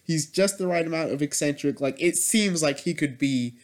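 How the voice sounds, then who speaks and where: A man giving a casual, rambling spoken review of a superhero movie, swinging between loud excited outbursts and quiet, muttered asides. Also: fairly high pitch, normal speed.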